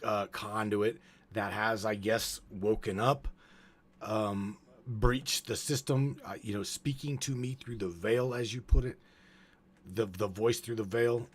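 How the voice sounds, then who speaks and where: A man hosting a live broadcast, talking casually in halting bursts with many restarts, and getting worked up. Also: fairly low pitch. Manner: halting, stammers and restarts, grows excitable. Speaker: host.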